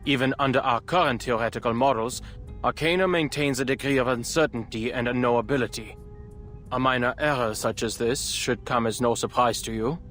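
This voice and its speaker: A man voicing a sardonic, composed scientist in a game, speaking in a dry, measured way. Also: medium pitch, a bit bright, soft background music, natural voice. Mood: grave. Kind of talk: game voice acting.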